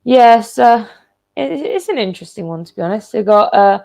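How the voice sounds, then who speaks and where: A fairly high-voiced woman hosts a relaxed football chat show from home. She talks through a video call mic, rambling, restarting her sentences and dropping in plenty of fillers. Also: moderate pace, gravelly. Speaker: show host. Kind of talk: casual online football chat.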